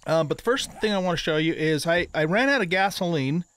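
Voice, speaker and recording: A man's voice: a little high, expressive, a little fast, fairly bright tone, clean tone. An older man casually talking through his gameplay as the host, with frequent ums and restarts. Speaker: gaming YouTuber.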